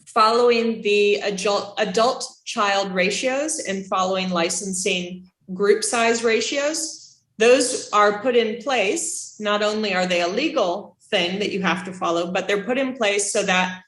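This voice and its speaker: A woman instructor giving a casual classroom lecture, chatty and animated, asking her students questions. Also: mid-range voice, unhurried. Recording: echoey room.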